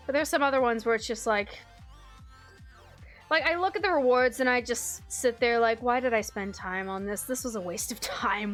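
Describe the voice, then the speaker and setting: A young woman streamer talking loosely to her chat, her voice sitting a bit high for a woman. She rambles with plenty of fillers and easy swearing, and faint music plays underneath. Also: fairly bright tone. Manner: rambling, swears casually, frequent fillers and laughs. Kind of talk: casual chat with viewers.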